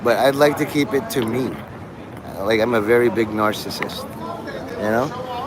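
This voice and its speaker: A man's voice: medium pitch, normal speed, a crowd in the background, poor audio. A man live-streaming outdoors on a city street, chatting in a rambling, meandering way and laughing often between thoughts. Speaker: livestreamer.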